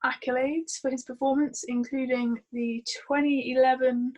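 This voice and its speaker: A woman's voice: sits high, flat delivery, moderate pace, a little mellow, low-quality recording. Chatty young woman reviewing films. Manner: chatty, storytelling with asides. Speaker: film reviewer. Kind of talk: casual film review chat. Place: home during lockdown. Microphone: video call.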